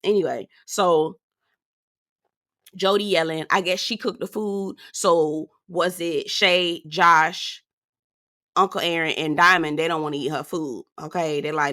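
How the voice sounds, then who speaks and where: A woman's voice: low-pitched, fairly even intonation, a little slow, bright, forceful tone. A woman giving casual commentary on a reality TV show, sassy and outspoken, talking straight to her viewers. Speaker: reality TV reviewer.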